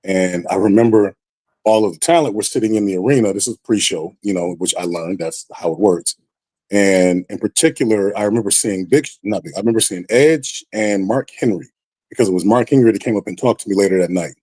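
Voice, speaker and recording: A man with a low, mellow voice tells a story on a podcast, casual and animated, and he puts on lively voices for the people he quotes. The sound is dry and close. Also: a little fast, breathy edge, no echo. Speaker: podcast guest.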